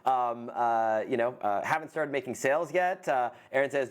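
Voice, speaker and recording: A man co-hosting a live online coaching workshop, talking in a relaxed way with lots of "uh" and "um". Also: mid-range voice, normal speed, hardly any pauses, smooth. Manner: relaxed, many "uh" and "um" fillers. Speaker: co-host of a business coaching webinar.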